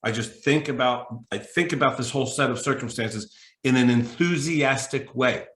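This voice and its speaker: A man tells a story with lively energy, and his voice rings bright and forceful. He leaps into high, shouted voices when he quotes other people. The sound is roomy, with a clear echo off the walls. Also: normal speed. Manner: animated, acts out dialogue with big pitch jumps. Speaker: mental toughness coach. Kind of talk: storytelling in a podcast interview.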